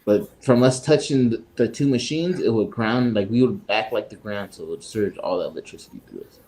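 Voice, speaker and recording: A man's voice: brisk, rough recording. A man co-hosting a podcast, telling a rambling, profane work story in a casual way and acting out the people in it. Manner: animated, acts out others in raised pitch. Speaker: podcast co-host.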